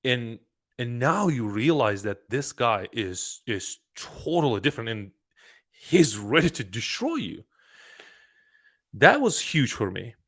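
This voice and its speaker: A young man who owns a trucking business, talking casually and giving advice in an animated way, often repeating words and starting sentences over. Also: mid-range voice, slow pace, slightly rough.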